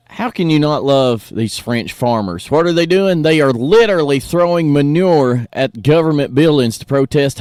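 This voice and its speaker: A man's voice: mid-range voice, no room sound. A man hosting a morning radio show, folksy and opinionated, talking from a studio. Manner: folksy, animated, opinionated, says "y'all".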